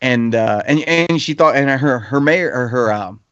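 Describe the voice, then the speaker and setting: A man's voice: medium pitch, normal speed, fairly bright tone, smooth, dry recording. A man in his thirties, a podcast panelist telling a heated anecdote in casual chat, swearing freely. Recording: slightly dull lo-fi podcast audio.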